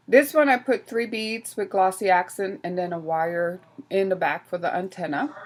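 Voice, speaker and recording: A woman hosting a craft tutorial, explaining each step casually while she works, often restarting her sentences. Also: medium pitch. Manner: casual, talks while working, frequent restarts.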